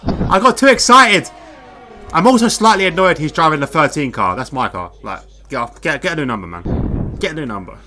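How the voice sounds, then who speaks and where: A young man doing live sim racing commentary, excitable and jokey, greeting chat viewers. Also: a little high, quick pace, background noise.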